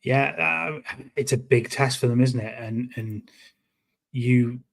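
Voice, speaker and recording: A football podcast co-host with a North East England accent talks at medium pitch with fairly even intonation. In this relaxed chat he stumbles along, repeating words and starting sentences over again and again.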